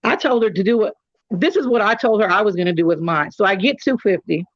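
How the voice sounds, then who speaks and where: A woman's voice: medium pitch, expressive, quick pace, no echo, dull audio. Chatty middle-aged woman, dry sound. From California. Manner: candid storytelling, joking asides. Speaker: host. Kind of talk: casual chat.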